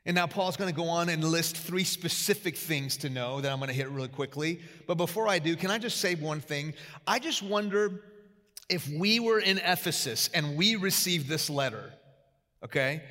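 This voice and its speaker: A male pastor preaching a sermon, telling stories with loud emphatic peaks and quiet asides. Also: high voice, long reverb tail.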